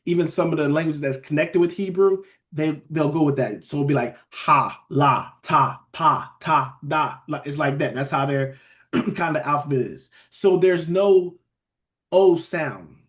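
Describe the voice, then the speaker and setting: A man teaching a casual online Bible study, speaking in a loose, halting way and often checking in with his listeners. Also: a little high, a little mellow. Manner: conversational, keeps checking in with listeners with "all right?" and "beloved"; loose, halting phrasing with restarts.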